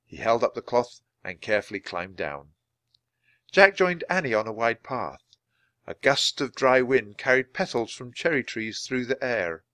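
A man's voice: mid-range voice, very animated, normal speed, sharp tone, no room sound, studio quality. A man reading a children's chapter book aloud at a natural pace for language learners. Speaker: storybook reader. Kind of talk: audiobook narration for language learners.

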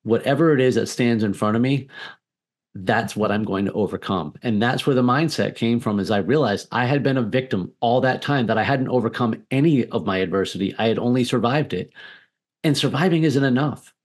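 A man's voice: mid-range voice, brisk, husky. A man as a podcast guest, telling a candid personal story in a blunt, defiant way with frequent swearing.

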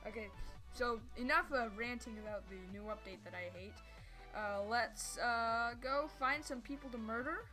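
A woman with a bright, higher voice chatting through a live gameplay session. She rambles and drifts off topic, trips over her words and lets out sudden excited squeals. Faint music plays behind her. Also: moderate pace. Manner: rambling, easily sidetracked, stumbles over words. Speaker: gameplay streamer. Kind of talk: casual live gameplay commentary.

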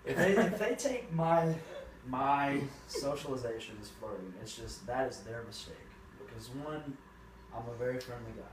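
A teenage man being interviewed, talking casually with loud, profane jokes and fast rambling. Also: medium pitch, animated. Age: teens. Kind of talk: casual chat. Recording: roomy, distant, noisy.

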